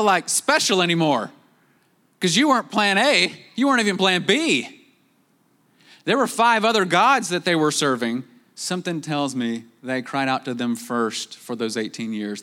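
Guy preaching, lively, does little voices for quotes then goes quiet and slow for the big points. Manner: animated, acts out quoted voices with rising pitch; drops to quiet, slow emphasis on key points. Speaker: pastor. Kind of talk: sermon.

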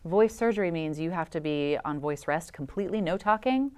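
A woman's voice: on the low side, expressive, brisk, darkish tone, clear, resonant tone. A woman who works as a voice specialist, giving enthusiastic explanations as a guest in an interview.

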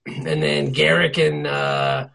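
A man's voice: a little high, flat delivery, takes it slowly, gravelly, bright, forceful tone. A man co-hosting a podcast in casual, profane, enthusiastic chat, often laughing. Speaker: podcast co-host.

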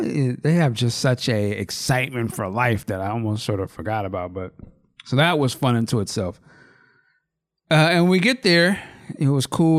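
A man in his thirties, a podcast co-host, telling a story in loose, rambling casual chat. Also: mid-range voice.

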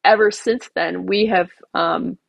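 Husky-voiced woman telling a personal story. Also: fairly low pitch, fairly even intonation, unhurried, dry recording, muffled recording. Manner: emotional, rambling with many asides. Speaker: podcast guest, garden designer.

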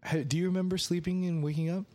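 A man's voice: sits high, quick pace. A young man co-hosting a podcast, telling stories in casual chat and laughing often. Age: young adult. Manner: animated storyteller, laughs often. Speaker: podcast co-host.

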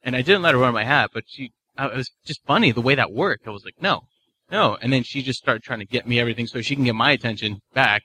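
A man with a bright, forward tone and a middle pitch tells an easygoing podcast anecdote. He restarts his sentences often as the story comes back to him. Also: quick pace, breathy edge. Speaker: podcast co-host. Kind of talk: casual storytelling chat.

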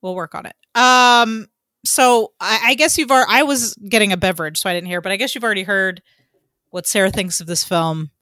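A woman's voice: mid-range voice, a little fast, pushed and bright, no echo, clean studio sound. A woman co-hosting a casual podcast, chatty and loose, with lots of ums and the odd swear word. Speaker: podcast co-host. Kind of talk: casual chat.

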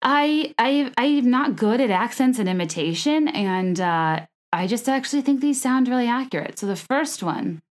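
A woman's voice: a little high, animated, normal speed, few pauses. A woman hosting a podcast, talking in a chatty, gossipy way with a wry, sarcastic edge. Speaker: podcast host. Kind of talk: casual chat.

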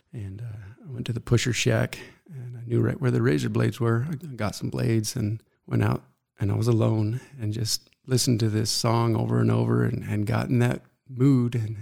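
A middle-aged man telling his own story as an interview guest, earnest and halting, often pausing to reflect. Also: medium pitch, creaky, mellow.

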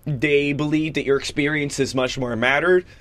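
A man's voice: on the high side, steady tone, moderate pace, fairly bright tone. A young man in casual discussion, explaining eagerly and at length in a rambling way.

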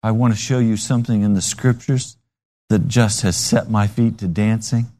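A man's voice: fairly low pitch, fairly even intonation, normal speed, dark tone. A man preaching a sermon with dramatic, emphatic storytelling.

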